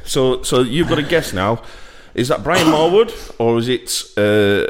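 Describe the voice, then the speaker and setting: A man's voice: mid-range voice, expressive, unhurried. A man co-hosting a casual podcast from his kitchen, fumbling through joke impressions and breaking into giggles. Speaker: podcast co-host. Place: home kitchen.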